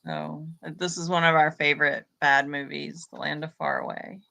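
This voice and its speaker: A woman, hosting a casual chat and briskly steering the conversation. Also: low-pitched, fairly even intonation, gravelly, sharp tone. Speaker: host.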